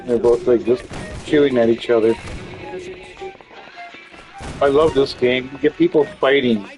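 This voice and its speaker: A man talks over his gaming session in an unhurried, rambling way. His voice sits at an everyday middle pitch, and he curses freely, piling on fillers and false starts as he goes. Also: darkish tone, faint music behind, rough recording. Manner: rambling, swears often, frequent fillers and restarts. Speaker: gaming channel host. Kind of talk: casual chat while playing a game.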